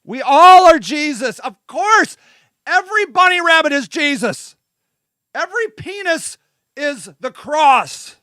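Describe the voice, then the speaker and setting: A man hosting his own show, rambling irreverently and jokily, vamping to his listeners with sudden shouted bursts. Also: very high-pitched, very animated, measured pace, dry recording, studio quality. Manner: vamping, talks to his audience. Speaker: host. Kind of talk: casual solo monologue.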